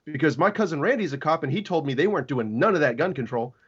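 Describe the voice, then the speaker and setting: Sarcastic higher-voiced man, muffled audio. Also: quick pace, slightly rough. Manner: sarcastic, animated, acts out quotes. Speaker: legal expert guest. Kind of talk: casual podcast discussion.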